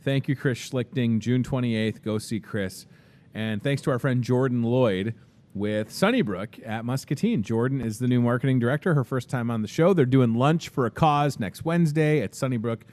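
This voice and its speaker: A man's voice: medium pitch, moderate pace, a little mellow. A man hosting a live local morning show from a grocery store, talking casually and upbeat into a handheld microphone, with asides to the crew.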